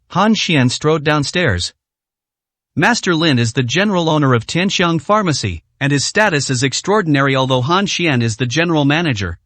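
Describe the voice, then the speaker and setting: A man narrating an audiobook story in an animated storytelling manner. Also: on the high side, dry recording.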